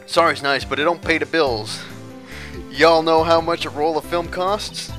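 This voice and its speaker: A man voicing a loud, blunt Southern country woman with an exaggerated drawl, over game music. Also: fairly high pitch, fairly even intonation, a little slow, voice pushed up. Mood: scolding.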